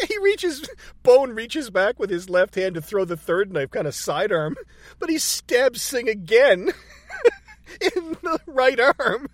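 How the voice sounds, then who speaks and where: A man with a high, lively voice retells movie scenes in casual chat. He swears freely and breaks into laughter. The sound is close and dry. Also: slow, no echo.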